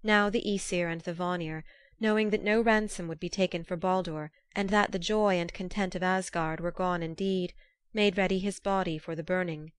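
A woman narrating an old myth in a measured, formal storytelling manner. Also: fairly low pitch, steady tone, clean tone, no room sound.

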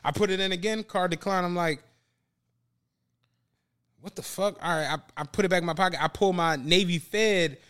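A man's voice: sits high, fast, few pauses, clear, resonant tone. A man co-hosting a podcast, telling stories in casual chat, swearing freely and acting out what people said. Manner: animated storytelling, swears freely, acts out quotes. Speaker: podcast co-host.

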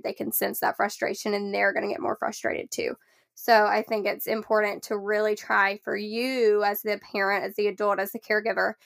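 A woman in her thirties co-hosts a casual parenting podcast, her voice carrying a gravelly fry. She explains calmly and drops into soft, gentle phrasing when showing what to say to a toddler. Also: mid-range voice. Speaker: podcast co-host.

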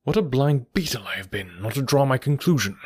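A man voicing a keen, commanding detective in an audiobook, eager and probing, sometimes dropping to a low murmur. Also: animated, brisk, a little mellow, breathy edge, no echo, studio quality. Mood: triumphant. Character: keen, commanding middle-aged male detective. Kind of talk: audiobook character voice.

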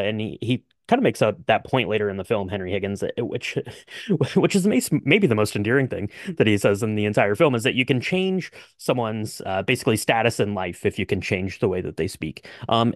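A man co-hosting a casual podcast about a film, talking quickly with many fillers. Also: fairly low pitch, no echo, clean studio sound. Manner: quick, filler-heavy, agreeable. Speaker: podcast co-host.

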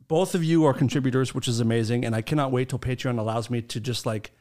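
A man's voice: medium pitch, fairly even intonation, fast, darkish tone, a little hiss or hum. A man hosting a podcast in casual banter, joking and crude with his guests. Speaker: podcast host.

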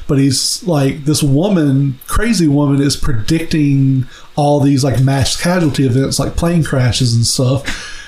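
A man's voice: mid-range voice, a little mellow, echoey room. A man co-hosting a casual podcast, ranting animatedly and swearing freely. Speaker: podcast co-host. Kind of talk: casual chat.

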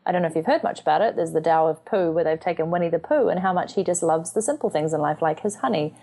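A woman in her thirties from New Zealand talks as a podcast guest in a casual, chatty way. Her voice sits fairly low, and she slips into lively acted quotes as she tells her stories. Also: quick pace. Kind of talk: casual conversational interview.

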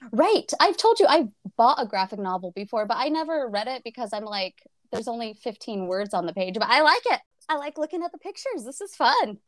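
A woman's voice: sits high, very animated, brisk, hardly any pauses, dry recording, studio quality. A woman co-hosting a podcast, chatting casually about a book, swearing and laughing often. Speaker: podcast co-host.

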